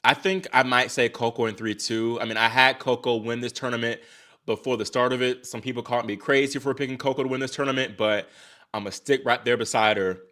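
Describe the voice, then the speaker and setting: Excitable young man chatting on a livestream. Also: mid-range voice, fairly quick. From Virginia, US. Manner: excitable, talks to chat, sighs and exclaims. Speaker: livestream host reacting to tennis. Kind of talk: casual live-stream chat.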